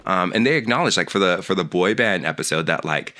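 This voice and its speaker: Impassioned man with a bright voice. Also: low voice, lively intonation, fast talker. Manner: impassioned, heated, ranting with many fillers. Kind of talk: casual conversational rant.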